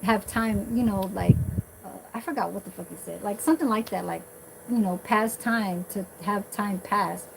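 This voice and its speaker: A woman's voice: mid-range voice, moderate pace, gravelly, noisy background. A woman vlogger talking in a blunt, profane, rambling way, full of fillers and restarts. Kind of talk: casual rambling monologue.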